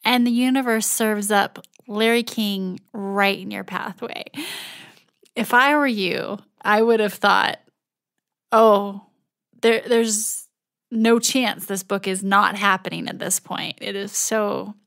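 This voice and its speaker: Female podcast host, casual, slightly gravelly voice, mid pitch. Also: fairly even intonation, slow pace, fairly bright tone. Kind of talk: casual interview chat.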